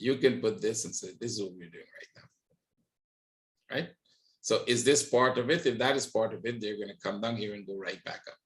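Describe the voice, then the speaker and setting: A man with a lowish voice and a fast delivery hosts a trading webinar, walking through charts on a live screen share. He keeps checking in with listeners, often asking "right?"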